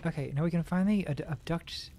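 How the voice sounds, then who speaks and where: Mellow-voiced woman streamer, joking wryly. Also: sits low, fairly quick, a little hiss or hum. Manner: rambling, ironic, self-mocking jokes. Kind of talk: casual gaming commentary.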